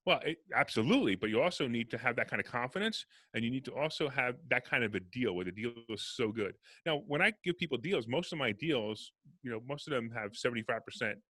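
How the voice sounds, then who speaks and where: A man talks in a casual podcast interview, rattling through stories at a quick clip. His voice has a bright, forceful edge. The sound is dry and close. He acts out both sides of each conversation. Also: medium pitch, no echo. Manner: fast, animated storyteller acting out dialogue. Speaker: real estate investor guest.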